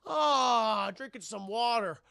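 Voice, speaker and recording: Man putting on a young soldier, very high, shrieking, gravelly edge. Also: slow, no room sound, clean studio sound, full character voice. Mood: alarmed. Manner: shouting in sudden alarm. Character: panicked young male soldier on a break.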